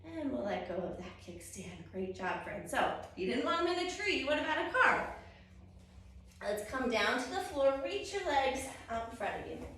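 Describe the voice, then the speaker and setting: Young woman teaching kids yoga, high lively voice, super echoey room. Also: normal speed. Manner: upbeat, encouraging, sing-song with sound effects. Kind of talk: children's yoga story time. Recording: echoey room, distant mic.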